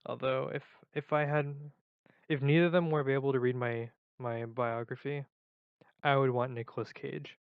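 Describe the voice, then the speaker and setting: A man's voice: medium pitch, fairly even intonation, moderate pace, creaky, clean tone, dry recording, narrow, tinny audio. A man in a casual vlog who rambles and jokes at his own expense. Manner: rambling, joking, self-mocking. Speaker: video creator.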